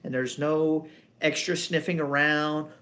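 A man's voice: on the high side, fairly even intonation, unhurried, fairly bright tone. Casual, rambling male dog trainer. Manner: conversational, rambling, rhetorical questions. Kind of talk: casual instructional talk.

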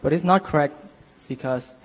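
A man's voice: a little high, normal speed, a little hiss or hum. A man from Vietnam, a student, patiently explaining his name in class with some hesitations. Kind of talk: answering in class. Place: lecture hall. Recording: reverberant lecture hall.

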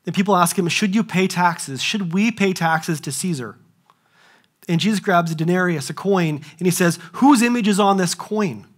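A young adult man preaching a sermon as pastor, animated, asking rhetorical questions and acting out the voices he quotes. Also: sits high, moderate pace, slightly rough.

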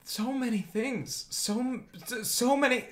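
A man's voice: very high voice, a little slow, a bit bright, pitched above the performer's own voice. A man voicing a frightened thug who screams and pleads for help. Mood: terrified. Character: frightened male thug, panicking captive.

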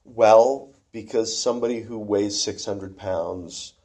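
A man in casual conversation about theatre, musing aloud, trailing off and restarting, then getting animated to make a point. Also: fairly low pitch, slow pace.

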